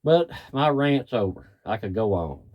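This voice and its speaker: A man's voice: on the low side, sing-song, a little slow, highs cut off. A middle-aged man, a cattle farmer ranting in plain, folksy, angry talk. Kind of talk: frustrated rant to camera.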